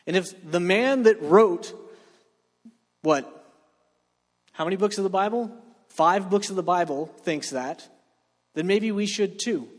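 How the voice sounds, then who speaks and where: A man's voice: sits high, unhurried, long pauses. A man preaching a joking sermon, talking with the room and asking for reactions. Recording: long hall reverb.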